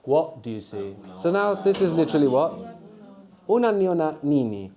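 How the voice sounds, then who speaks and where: A man's voice: on the high side, very animated, moderate pace, warm tone. A man teaching a live language workshop to university students, patiently prompting them with questions and answers. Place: lecture room at a university.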